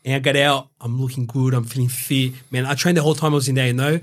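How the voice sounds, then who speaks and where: A man's voice: medium pitch, fairly even intonation, quick pace. A young Australian man from Brazil, telling his story as a guest in a casual interview, rambling with heavy swearing and fillers. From Brazil, raised in Australia.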